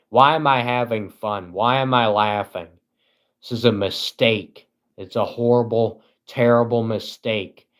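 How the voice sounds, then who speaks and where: A man hosts a casual live stream and rambles about himself. He is self-deprecating and giggles often. His voice sits fairly low.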